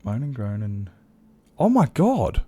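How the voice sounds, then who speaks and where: Casually chatting with viewers during a game stream, a man rambles, swears freely and corrects himself mid-sentence. His medium-pitched voice swoops wildly, mellow with a breathy edge, at a measured pace, and the recording is dry.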